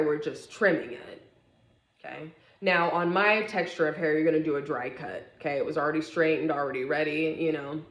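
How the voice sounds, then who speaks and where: A young woman telling a personal story in a casual vlog, animated and acting out the other people in it. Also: sits low. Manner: animated, acts out quoted voices. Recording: echoey room.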